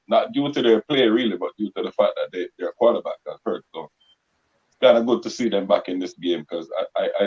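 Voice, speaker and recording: A man's voice: fairly low pitch, a little mellow. A man joining a sports talk show over a video call as a guest, giving laid-back analysis. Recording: dull video call audio.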